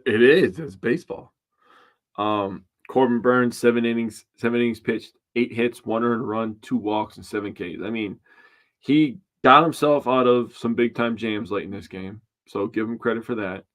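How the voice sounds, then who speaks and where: A man co-hosting a casual sports podcast, talking in a relaxed, chatty way and listing pitching numbers. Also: moderate pace. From Wisconsin. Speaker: podcast co-host.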